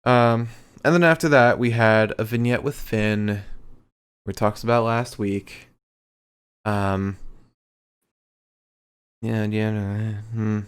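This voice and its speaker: A man's voice: on the low side, steady tone, slow pace, pauses often, smooth. A man co-hosting a podcast, recapping events in a loose casual chat, rambling along with frequent ums. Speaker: podcast co-host.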